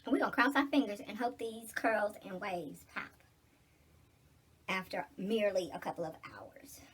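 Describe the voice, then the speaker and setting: A woman's voice: medium pitch, normal speed, a bit bright, slightly rough. A middle-aged woman in casual get-ready-with-me chat, blunt, preachy and full of cursing. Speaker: vlogger.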